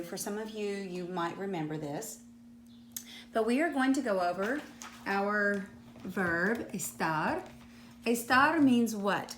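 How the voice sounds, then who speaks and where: A Spanish teacher with a Southern US accent, a woman who patiently explains and asks her class questions. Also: medium pitch. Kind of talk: classroom lesson to students. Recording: echoey room with faint hum.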